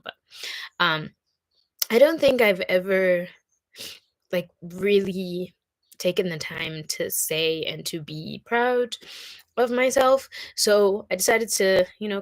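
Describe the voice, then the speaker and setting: Young woman, casual vlog to her future self; emotional, teary, chatty, slightly low voice. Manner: emotional, teary, chatty, with laughs and sudden loud bursts. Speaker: vlogger.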